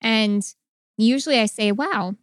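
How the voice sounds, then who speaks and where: A woman's voice: fairly high pitch, a little slow, dry recording, clean studio sound. Upbeat woman podcast co-host. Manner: upbeat, reads out promos and labels. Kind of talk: casual chat.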